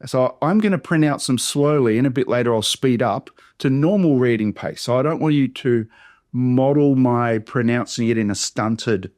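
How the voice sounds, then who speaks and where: A man with an Australian accent, a pastor teaching how to read hard biblical names aloud, sounding each one out slowly and deliberately. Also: medium pitch, a little mellow, no room sound, studio quality. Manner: slow, deliberate syllable-by-syllable modelling. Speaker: pastor teaching Bible reading. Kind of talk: workshop teaching pronunciation.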